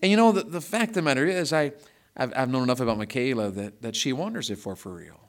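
A middle-aged man preaching a conversational sermon, telling stories and swinging from hushed asides to loud emphatic build-ups, often repeating words. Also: medium pitch, animated, fast.

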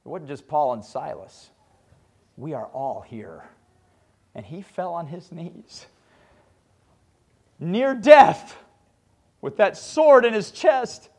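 A man preaching a sermon, retelling Bible stories with lively acted-out scenes and ending in prayer. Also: high-pitched, takes it slowly, gravelly, long pauses. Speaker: pastor.

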